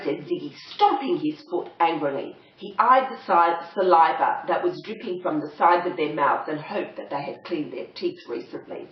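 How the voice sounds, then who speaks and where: A woman reading a children's story aloud, doing lively voices for the animals. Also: moderate pace, few pauses. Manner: lively character voices with big pitch jumps. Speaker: audiobook reader. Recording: roomy lo-fi home recording.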